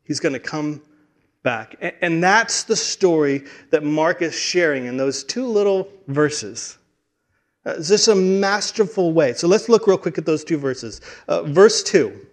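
High-voiced preacher, hushed to emphatic. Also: male voice, lively intonation, unhurried. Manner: storytelling delivery swinging between hushed and emphatic; frequent restarts and stumbles. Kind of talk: sermon.

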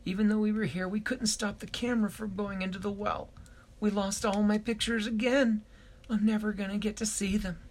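A man's voice: high-pitched, sing-song, fairly quick, creaky, few pauses, slightly rough, pitched above the performer's own voice, exaggerated voice. A man voicing an anxious grown-up girl, urgent and pleading, in a told story. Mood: worried.

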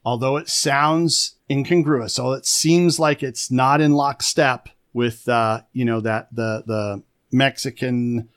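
A man co-hosting a podcast in relaxed conversation. He rambles and restarts his sentences often, filling gaps with "uh" and "you know", and his voice sits at a middling pitch. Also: slow. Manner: rambling, chatty, with many fillers and restarts. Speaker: podcast co-host. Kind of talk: casual chat.

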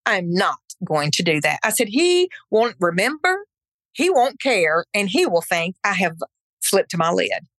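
A woman's voice: medium pitch, sing-song, measured pace, a bit bright, no room sound. A middle-aged woman, a podcast guest, telling a personal testimony in an earnest, emphatic way and acting out her own past words. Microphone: podcast microphone.

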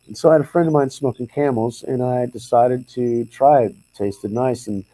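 A man's voice: mid-range voice, steady tone, normal speed, mellow, no echo, rough recording. A man co-hosting a podcast, telling stories in a rambling, casual way with many restarts. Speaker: podcast co-host. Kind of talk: casual chat.

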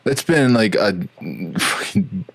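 A man's voice: medium pitch, animated, takes it slowly, a bit bright, dry recording. A man in his thirties, co-hosting a podcast in casual chat, laid-back and crude in his jokes. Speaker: podcast co-host.

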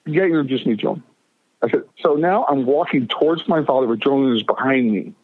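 A middle-aged guest with a mid-range voice and quick pace spins long, rambling stories in casual conversation, stammering and restarting while animatedly voicing the quotes. The sound is a tinny phone line without echo.

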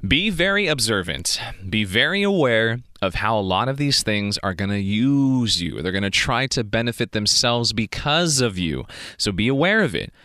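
A man's voice: fairly low pitch, big pitch swings, normal speed, sharp tone, dry recording, studio quality. A man delivering a fired-up, preachy motivational monologue to viewers, laughing often. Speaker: vlogger giving life advice.

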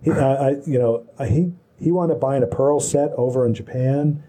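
A man's voice: medium pitch, moderate pace, dark tone, husky. A man telling long casual anecdotes in a rambling way, with many restarts. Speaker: storyteller. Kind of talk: casual chat.

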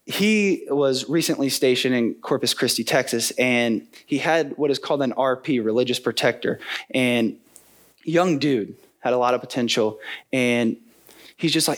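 A man's voice: mid-range voice, moderate pace. A young man giving a sermon in an earnest, conversational way, telling a story and acting out the voices of its people. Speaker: preacher. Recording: soft guitar music behind.

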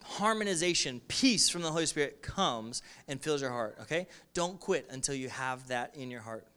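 A man's voice: medium pitch, animated, normal speed, bright, forceful tone, clear, resonant tone. A male pastor giving a sermon to a congregation, talking in an emphatic, repetitive, conversational way. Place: in front of a congregation.

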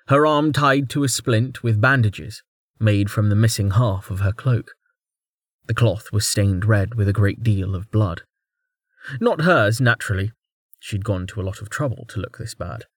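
A man narrating an audiobook chapter in a measured, even storytelling manner. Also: lowish voice, dry recording, clean studio sound. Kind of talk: scripted narration.

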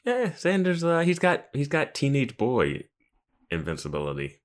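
A man's voice: mid-range voice, wildly swooping pitch, normal speed. A man co-hosting a podcast, chatting casually and rambling through his points with frequent restarts. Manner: rambling, trails off and restarts, laughs between points. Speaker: podcast co-host. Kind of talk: casual chat.

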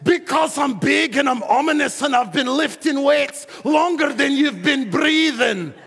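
A man voicing a boastful, menacing giant bully with a put-on accent, taunting loudly. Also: extremely high pitch, animated, a little slow, vocal fry, long reverb tail, voice pushed up, exaggerated voice.

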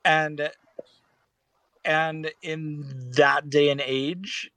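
A man's voice: on the high side, little pitch movement, extremely slow, a bit bright, no echo. A man co-hosting a casual podcast discussion, talking in a rambling way with many fillers and restarts. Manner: rambling, hesitant, with frequent fillers. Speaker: podcast co-host.

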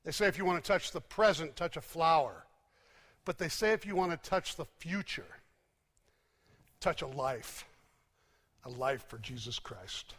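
A man preaching a sermon, telling stories emphatically and dropping to hushed, low endings. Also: expressive, a little slow, pauses often. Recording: long hall reverb.

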